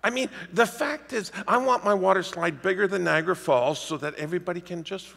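A man preaching a sermon as the pastor, telling stories in a lively, animated way. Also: high voice, fairly quick, creaky. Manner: lively storytelling preacher, animated swings in loudness. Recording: reverberant hall.

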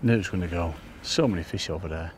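A man giving excitable, casual commentary to viewers while fishing by a lake. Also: low voice, quick pace, slight background noise. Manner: chatty, excitable, talks to viewers as folks. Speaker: angler demonstrating fishing. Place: outdoors by a lake.

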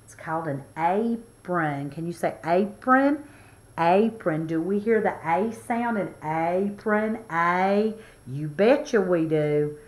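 A woman's voice: fairly low pitch, lively intonation, takes it slowly. A woman teaching a children's phonics lesson in a playful, encouraging, sing-song way.

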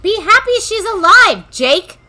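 A woman's voice: very high-pitched, big pitch swings, unhurried, sharp tone. A woman giving casual, reactive commentary over a video game playthrough, talking back to the screen. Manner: reactive, chatty, talks to the game. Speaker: gaming streamer.

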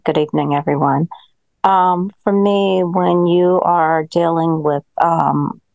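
A woman with a very low, heavily gravelly voice offers careful advice to a bible study group. She speaks in a measured way with "um" pauses, and the recording is dry and close. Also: a little mellow, no room sound. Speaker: congregation member.

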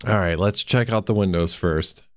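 A man's voice: low voice, moderate pace. A man streaming a horror game, giving laid-back casual commentary and chuckling often.

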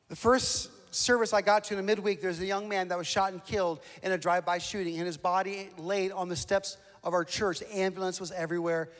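A man with a high-pitched voice preaching from the pulpit, spinning a comic personal story full of self-mocking jokes. His voice rings out with a long echo that hangs in a large church hall. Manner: humorous, lively storytelling with self-mocking asides. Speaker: pastor. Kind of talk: storytelling sermon.

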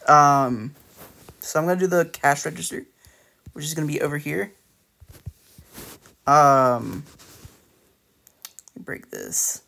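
A man's voice: on the high side, takes it slowly, gravelly, long pauses, bright, forceful tone. A man giving casual, rambling commentary while building in a game, full of hesitations and restarts. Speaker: let's play creator.

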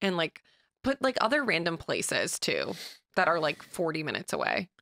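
A woman's voice: sits low, normal speed, vocal fry. A woman from the Boston area, co-hosting a podcast in casual, laughing chat. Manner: laughing, chatty and animated. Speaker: podcast co-host.

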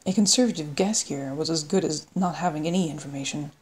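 A woman reading an audiobook in steady scripted narration. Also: low voice, quick pace, breathy edge. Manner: steady storytelling read.

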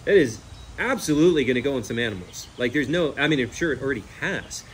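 An earnest male host talking casually and with energy, leaning on imagined scenarios to make his case. His voice sits at an ordinary middle pitch. A faint hiss of noise runs underneath. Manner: earnest, animated, uses hypothetical scenarios. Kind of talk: casual animal rescue talk.

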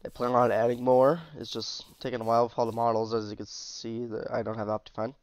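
A tired, yawning man with a mid-range voice shows off a game mod, speaking quickly but in a monotone with no room sound. He's chatty and easygoing as a mod reviewer, tossing in asides and letting his sentences trail off.

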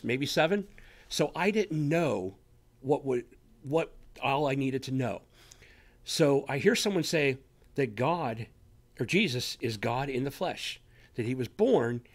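Animated man preaching to listeners. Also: mid-range voice. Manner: animated, talks straight to listeners with frequent "okay?". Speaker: radio show host teaching on faith. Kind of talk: conversational sermon.

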